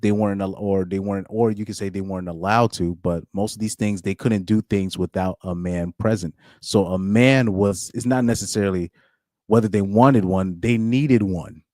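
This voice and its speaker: A man's voice: on the low side, fairly even intonation, normal speed, a little mellow, no echo. Opinionated man on a dry close mic. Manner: opinionated, repeats phrases for emphasis. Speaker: channel host. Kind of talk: casual live reaction commentary.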